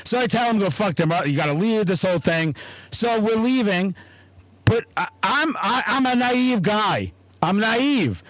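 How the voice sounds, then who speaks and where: Host, male, 30s, high voice, dry close sound, swears freely while telling stories. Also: normal speed, no echo, low-quality recording. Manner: profane, animated storyteller. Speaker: podcast host. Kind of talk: casual chat, storytelling.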